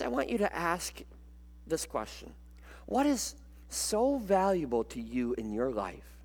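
A male pastor preaching a sermon in an animated way, repeating words and pausing for effect. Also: on the high side, long reverb tail.

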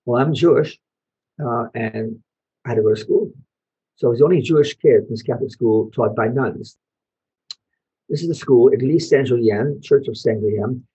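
A man's voice: mid-range voice, dark tone, breathy edge, dull audio. An older man from Belgium, a Holocaust survivor, telling his life story to an audience and asking them questions. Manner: storytelling, asks the audience questions, short pauses. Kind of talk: personal testimony talk to an audience, showing photos.

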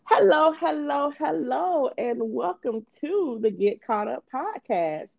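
A woman hosting a book podcast in casual chat, bubbly and quick to laugh. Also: high voice, creaky, lo-fi sound, soft background music. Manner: bubbly, laughs often, talks fast when excited. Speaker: podcast host.

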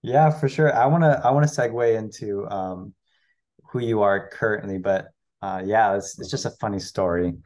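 A man's voice: lowish voice, moderate pace, a little mellow. A man hosting a podcast in casual chat, easygoing and laughing along with his guest. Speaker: podcast host.

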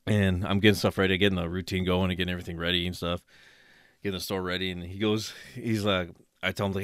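A man casually telling a workplace story on a podcast, acting out quotes loudly with bursts of laughter. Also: sits low, flat delivery, fast talker, smooth, no room sound, studio quality. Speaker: podcast co-host.

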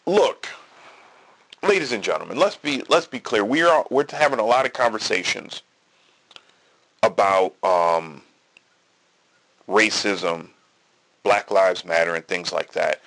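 Man, podcast host, casual monologue, gravelly husky voice, restarts. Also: lowish voice, expressive, a little slow, pauses often, fairly bright tone. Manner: storytelling with quoted dialogue, repeats and restarts.

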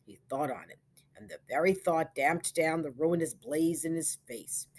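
A woman narrating a literary short story in a measured, lyrical way with soft trailing endings. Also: sits low, animated, breathy edge. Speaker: audiobook narrator.

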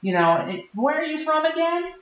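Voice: high-pitched, very animated, moderate pace, a bit bright, voice pushed up. A performer playing a smug, preachy podcast producer from Portland, in a roomy, dull lo-fi recording. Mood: patronizing. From Portland, Oregon. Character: condescending big-city podcast producer from Portland.

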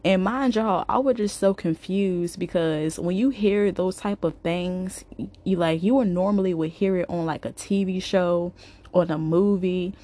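A woman's voice: lowish voice, unhurried. A young adult woman vlogger, telling a story to her viewers in a casual, emphatic way that repeats itself for effect. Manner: animated, repetitive, emphatic.

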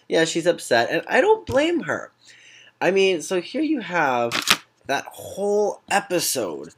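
A man's voice: a little high, huge pitch swings, measured pace, vocal fry, noisy background. A man giving a casual, gossipy recap of a reality competition, with sassy asides.

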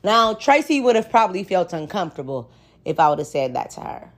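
A woman hosting her own podcast, chatting frankly and joking with plenty of swearing. Her voice sits on the lower side. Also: lively intonation, quick pace, darkish tone. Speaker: podcast host. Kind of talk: casual solo podcast talk.

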